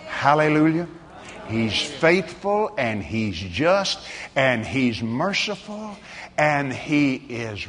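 A man preaching a sermon, moving between hushed tones and exuberant shouting. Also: on the high side, a little hiss or hum. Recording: reverberant hall, faint ambience.

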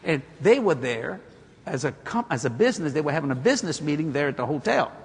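A male preacher telling stories in a folksy, animated way, building to exclamations before a congregation. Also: on the high side, quick pace, husky. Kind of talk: storytelling sermon. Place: church hall or auditorium. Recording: echoey hall with a congregation.

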